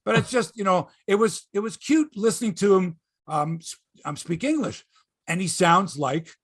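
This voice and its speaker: Husky, ranting male sports host. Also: high-pitched, moderate pace, a bit bright, no echo, studio quality. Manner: profane, ranting, repeats himself. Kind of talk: casual sports chat.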